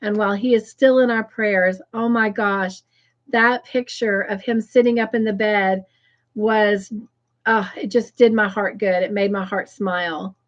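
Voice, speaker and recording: A woman hosting a livestream, greeting viewers by name and reading their comments aloud with effusive, excited warmth. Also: medium pitch, unhurried, lo-fi sound. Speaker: livestream host.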